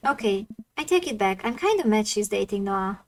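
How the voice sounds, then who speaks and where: A woman's voice: mid-range voice, sing-song, normal speed, a little hiss or hum. A woman voicing a hurt, upset teenage girl betrayed by her friends, reading the game dialogue aloud in a plain voice.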